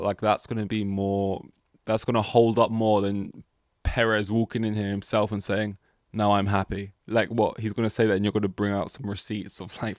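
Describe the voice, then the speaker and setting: A man's voice: on the low side, no room sound, studio quality. Rambling young man chatting solo. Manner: rambling, chatty, many fillers and restarts. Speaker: podcast host. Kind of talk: casual solo podcast chat.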